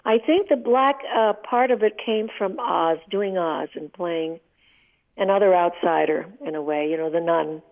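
A woman in her eighties, guesting on a radio interview, shares heartfelt stories in an emotional, vivid way. Her voice is on the low side and unhurried, and it comes through a tinny phone line.

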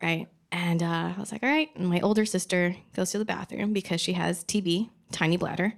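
Gravelly-voiced woman telling a comic story. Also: fairly low pitch, steady tone, fairly quick. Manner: comic, conversational, laughing often. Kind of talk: live storytelling on stage. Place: live event stage.

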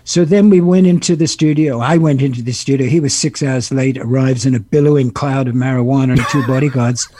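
A man in his seventies, a guest actor and musician, telling animated stories with laughter and impressions in an interview. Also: on the high side, breathy edge, no echo. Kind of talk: interview storytelling.

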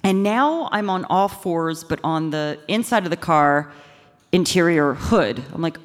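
A woman with a lowish voice tells a first-person story on a live stage, lively and self-mocking. She drops into quoted voices for the people in her tale. The stage mic carries a long hall reverb. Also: measured pace. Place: live stage in front of an audience.

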